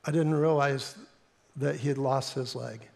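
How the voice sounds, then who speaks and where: A middle-aged pastor with a Midwestern accent, telling a story in a sermon in an earnest, halting way with fillers. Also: male voice, mid-range voice, fairly even intonation, vocal fry, darkish tone. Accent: American Midwestern. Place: church sanctuary. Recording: long hall reverb in a church.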